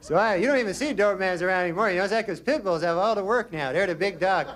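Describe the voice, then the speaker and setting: A man doing a stand-up routine in a comedy club, with a deadpan, drawn-out delivery broken by quick asides. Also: sits high. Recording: live club with loud crowd laughter and noise. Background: audience laughing.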